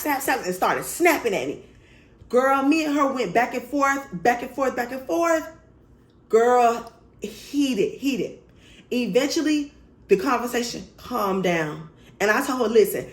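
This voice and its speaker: A vlogger tells her viewers a story in a casual storytime style, animated, blunt and full of swearing. She speaks at a measured pace in a voice slightly higher than most, and the room has a clear echo.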